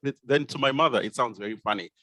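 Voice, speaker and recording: A middle-aged man from Zimbabwe with a Zimbabwean accent softened by years in the UK, telling his story in a relaxed, self-deprecating way with plenty of fillers and restarts. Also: mid-range voice, fast talker, dry recording. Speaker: guest, consultant pediatrician. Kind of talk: casual conversational storytelling.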